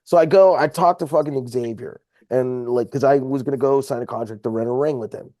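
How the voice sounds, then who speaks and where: A man's voice: medium pitch, a little fast, warm tone, dry recording, studio quality. A man telling a heated story about a confrontation with lots of swearing, speaking casually as a podcast guest. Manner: profane, heated retelling of a confrontation. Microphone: podcast microphone.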